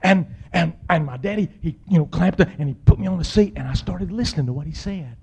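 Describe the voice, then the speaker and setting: A man telling a humorous personal story, acting out the people in it and yelling out the exciting parts. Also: fairly high pitch, fast talker, creaky, breathy edge. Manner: animated, acts out voices and yells.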